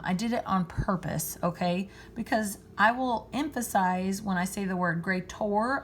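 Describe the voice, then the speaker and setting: A woman's voice: medium pitch, slight background noise. A woman teaching a recorded math lesson, patiently explaining step by step and answering her own questions as she goes.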